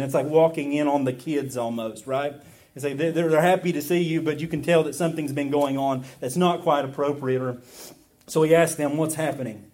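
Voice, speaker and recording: A man's voice: fairly high pitch, a little mellow. A man preaching an expository sermon, asking rhetorical questions and using frequent fillers. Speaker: pastor.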